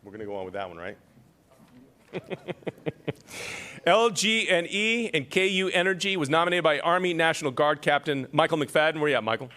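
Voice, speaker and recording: A man's voice: a little high, animated, a little fast, long pauses, heavy background noise. A man emceeing an awards ceremony, reading citations with self-deprecating joking asides.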